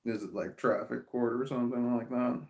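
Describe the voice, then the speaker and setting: A man's voice: mid-range voice, steady tone, brisk, creaky, darkish tone, reverberant. An American man reading live chat aloud on his stream, rambling, swearing and restarting his sentences. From United States. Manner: rambling and profane, with frequent restarts. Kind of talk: casual livestream chat.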